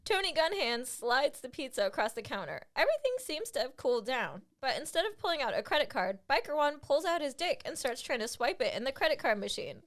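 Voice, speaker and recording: A young woman reads her comic screenplay in a deadpan narrating voice, the stage directions delivered flat and dry. Her voice sits fairly high for a woman. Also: brisk, hardly any pauses. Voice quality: deadpan narration broken by laughter. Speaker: comedian reading her own script. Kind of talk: comic script reading.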